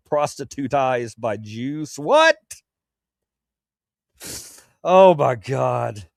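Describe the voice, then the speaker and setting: Guy rambling on his late night stream, stammers a lot, swears casual, dry close mic sound, average pitch. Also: darkish tone, clear, resonant tone, dry recording. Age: adult, past his youth. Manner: rambling, stammering restarts, candid and profane. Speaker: livestream host.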